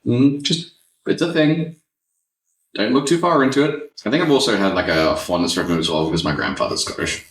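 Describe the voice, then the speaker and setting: A man's voice: mid-range voice, brisk. A man hosting a podcast, telling stories casually with plenty of swearing. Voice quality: swears freely, laid-back storytelling. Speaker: podcast host. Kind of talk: casual chat. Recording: echoey room, distant mic.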